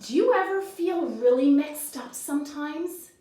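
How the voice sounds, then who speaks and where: A woman's voice: high-pitched, lively intonation, measured pace, mellow. A woman teaching children's yoga through a story, guiding in an encouraging, sing-song way. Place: yoga studio. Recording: echoey room, voice from far off.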